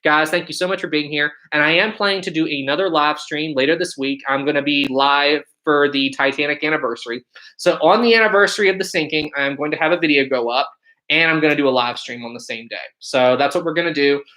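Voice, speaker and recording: A man's voice: a little high, quick pace, sharp tone, low-quality recording. A man in his twenties hosting a casual livestream, upbeat and chatty, answering viewer questions and thanking his audience. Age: 20s. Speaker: livestream host.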